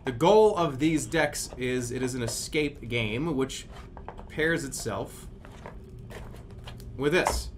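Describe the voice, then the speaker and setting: A man's voice: medium pitch, animated, takes it slowly, pauses often, noisy background. A man hosting a live stream, rambling in a flustered, agitated way with frequent cursing.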